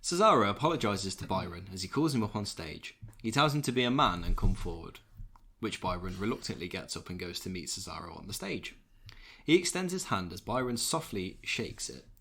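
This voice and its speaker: A man's voice: deep voice, very animated, a little fast, a bit bright. A man co-hosting a wrestling podcast, reading match recaps and then chatting loosely.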